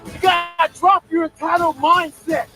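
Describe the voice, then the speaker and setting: A man shouting a forceful, profane motivational speech. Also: very high voice, little pitch movement, moderate pace, soft background music, poor audio.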